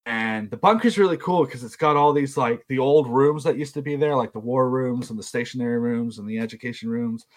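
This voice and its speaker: Very animated and a little fast, with hardly any pauses, this young South Carolina man speaks at a medium pitch in a Southern US accent. He's a podcast storyteller who rambles casually, pokes fun at himself, and performs the quoted voices.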